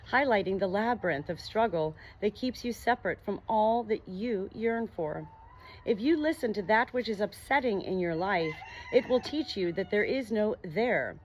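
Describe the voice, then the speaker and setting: A woman reading an audiobook, voicing a gentle, wise male monster with a soft, melodious, slow and soothing voice. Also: mid-range voice, a little hiss or hum, lightly acted. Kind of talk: audiobook narration.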